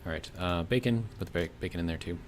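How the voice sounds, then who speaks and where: A man's voice: deep voice, fast, a little hiss or hum. An American man casually commenting on a video game he plays and reading out chat messages, rambling with lots of fillers. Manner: rambling, thinks aloud with many fillers. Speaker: streamer.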